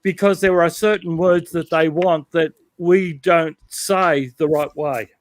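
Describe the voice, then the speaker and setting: A man's voice: fairly high pitch, fairly even intonation, unhurried. A man with an Australian accent chatting casually about models and radio promos, rambling with plenty of ums. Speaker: guest on model railroad livestream. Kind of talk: casual chat.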